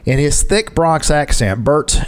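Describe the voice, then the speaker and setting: A man's voice: fairly high pitch, lively intonation, unhurried, smooth. A man co-hosting a casual podcast, reading an article aloud with joking asides and frequent laughs. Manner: reads quotes with joking asides, laughs often. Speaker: podcast co-host.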